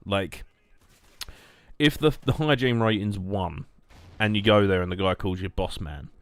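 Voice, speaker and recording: Low-voiced man rambling on stream. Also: unhurried, no room sound. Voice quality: low monotone voice. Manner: rambling, jokey, reacting to chat. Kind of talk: casual gameplay stream chat.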